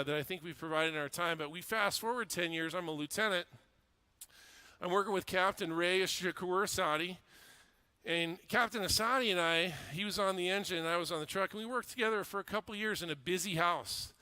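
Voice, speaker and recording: Middle-aged male fire officer, high bright voice, clear and crisp, earnest storytelling speech. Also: dry recording. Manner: earnest, emphatic retelling with repeated phrases.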